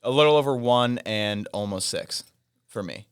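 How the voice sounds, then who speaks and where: A man in his thirties, co-hosting a podcast, speaks in soft-spoken, storytelling chat with joking asides. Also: medium pitch, moderate pace, smooth, no echo, studio quality. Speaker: podcast co-host. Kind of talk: casual chat.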